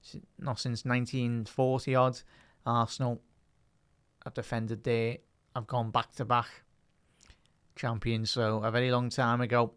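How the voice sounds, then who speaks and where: A man's voice: medium pitch, little pitch movement, a little slow, a bit bright, clean tone, no room sound. Chatty Liverpool man calling the match live. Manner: chatty, reads live chat aloud and lifts into play-by-play calls. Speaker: watch-along commentator. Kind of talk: live match-day watch-along commentary.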